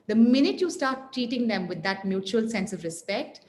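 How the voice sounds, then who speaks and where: A woman guest speaker giving parenting advice in an earnest, emphatic, expressive way over a video call. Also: fairly high pitch, normal speed, hardly any pauses. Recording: echoey room, faint noise.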